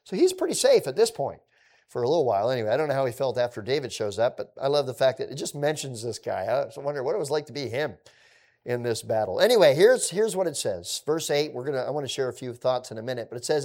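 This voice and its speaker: A man teaching through a scripture passage in a conversational way, with relaxed asides. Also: medium pitch, fast.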